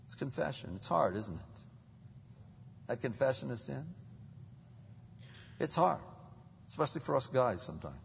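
Husky man preaching in an echoing hall. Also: mid-range voice. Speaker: pastor. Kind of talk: sermon. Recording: dull, long-reverb hall sound.

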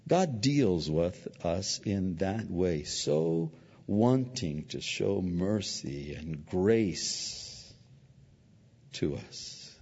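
A male pastor preaching a sermon, animated and acting out little voices from his stories. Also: sits low, drawn-out words, gravelly, long pauses, husky. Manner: animated, acts out voices in anecdotes. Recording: dull lo-fi audio with long hall reverb.

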